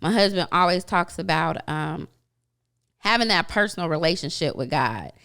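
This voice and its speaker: A woman's voice: fairly low pitch, animated, normal speed, gravelly, clear, resonant tone. A woman hosting a faith-based talk show, affirming her guest and steering the conversation. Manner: warm affirming listener, supportive.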